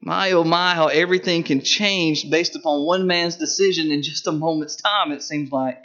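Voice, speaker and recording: A man preaching a sermon, emphatic, with sharp rises and drops in his voice for stress. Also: a little high, steady tone, moderate pace. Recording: dull lo-fi recording.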